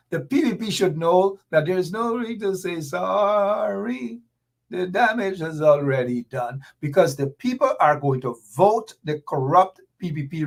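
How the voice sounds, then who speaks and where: A man's voice: high voice, a bit bright. Fiery man ranting on a live stream. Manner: fiery, repetitive, reads viewer comments aloud. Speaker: host. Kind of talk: political live-stream commentary.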